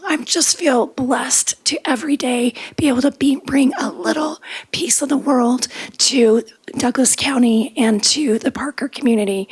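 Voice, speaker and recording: A woman's voice: high-pitched, slightly rough, low-quality recording. A woman who has lost her voice, whispering short, earnest acceptance remarks as a school leader at a board meeting.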